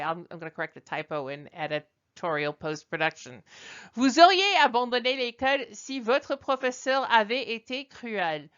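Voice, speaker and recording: Working through slides, a woman gives a chatty French lesson, catching and correcting herself at times and reading example sentences aloud in French. Her mid-pitched voice is bright and forceful, though the recording is dull.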